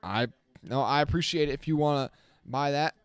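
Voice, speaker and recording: A man giving casual live-stream race commentary as the channel host, chatting with his viewers and getting excited on the restarts. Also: a little high, moderate pace, clear, resonant tone, no echo. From not from the South. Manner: self-correcting, talks to the chat.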